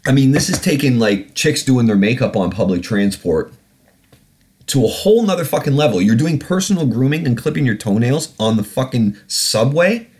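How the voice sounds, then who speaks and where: A man's voice: mid-range voice, moderate pace. A man in his thirties hosting a podcast, ranting casually and profanely with many restarts. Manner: animated, profane, rambling with restarts. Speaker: podcast host. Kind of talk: casual monologue. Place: lives in London.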